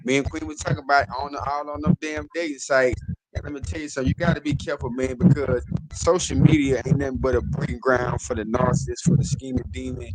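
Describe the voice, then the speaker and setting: A man's voice: medium pitch, flat delivery, fast talker. A man hosting a casual stream, talking loosely and rambling as he speaks straight to his audience. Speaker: host of a talk stream. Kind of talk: casual advice chat. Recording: noisy stream audio.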